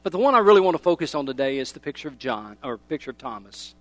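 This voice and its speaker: Man, middle-aged, pastor, sermon, emphatic, loud-to-hushed swings, slightly high pitch. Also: big pitch swings, fast talker, no room sound, soft background music.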